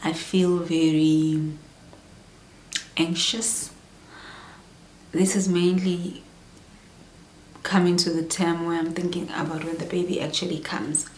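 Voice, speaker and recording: A woman in her thirties, candidly chatting through a personal pregnancy vlog, sometimes dropping into soft whispery asides. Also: fairly low pitch, little pitch movement, slow pace, long pauses. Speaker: vlogger. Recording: echoey room with faint hum.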